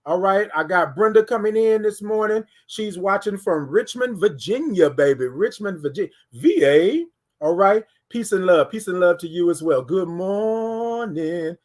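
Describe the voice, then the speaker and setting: A man with a high voice hosts a casual morning livestream, talking animatedly to viewers and reading their comments back to them. He speaks at a normal speed.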